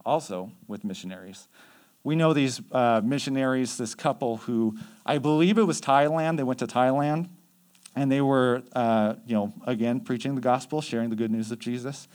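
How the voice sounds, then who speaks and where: A man's voice: medium pitch, normal speed, darkish tone. A man leading youth mission trips tells stories in a casual, conversational way, full of fillers. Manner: conversational, chatty with many fillers. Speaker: youth mission trip leader. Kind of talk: casual storytelling.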